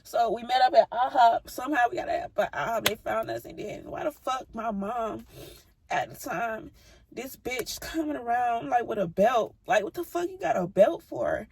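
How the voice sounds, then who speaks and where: A woman's voice: fairly high pitch, lively intonation, moderate pace, gravelly, a little hiss or hum. A young woman vlogger telling a personal story in a blunt, heated, profane way. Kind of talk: casual storytime.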